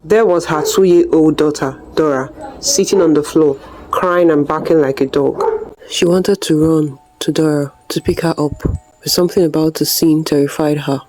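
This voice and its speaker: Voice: mid-range voice, steady tone, normal speed, darkish tone, poor audio. A storyteller narrating a scripted folktale in a dramatic, suspenseful way.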